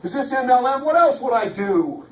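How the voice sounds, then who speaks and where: A man's voice: very high-pitched, animated, normal speed, a little hiss or hum. A man giving a punchy, joking motivational sales talk to a live audience, recorded from a distance in a large hall. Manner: punchy, jokey, preacher-like. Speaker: motivational speaker. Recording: echoey hall from far off.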